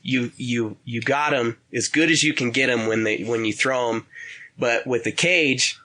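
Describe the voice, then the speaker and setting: A young man, a podcast guest who used to fight, telling stories in a halting, rambling way with frequent laughs. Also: medium pitch, pushed and bright. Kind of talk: casual chat.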